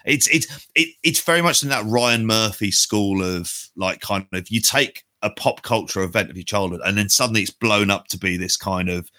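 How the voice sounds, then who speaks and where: A man's voice: fairly low pitch, moderate pace, few pauses, pushed and bright, no echo. A man in his forties, a podcast co-host in casual chat, rambling and sweary with strong opinions.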